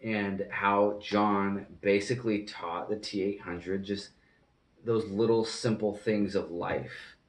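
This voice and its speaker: A man's voice: lowish voice, fairly even intonation, takes it slowly, echoey room, recorded from a distance. A man giving an earnest, rambling, casual reaction to a film as a movie reviewer.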